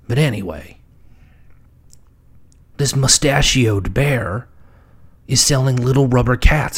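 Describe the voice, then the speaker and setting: A man riffs comically on a children's picture book, stumbling over repeated words and sometimes dropping to a whisper. His voice is husky and breathy, and it sits at an ordinary middle pitch. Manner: stammering repetitions, drops into whispered asides. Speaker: book reviewer. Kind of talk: comedic book commentary.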